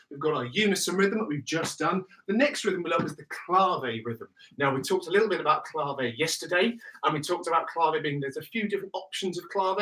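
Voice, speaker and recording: Upbeat man chanting rhythms. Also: fairly high pitch. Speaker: body percussion teacher. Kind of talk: online music workshop. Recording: distant mic with clear background noise.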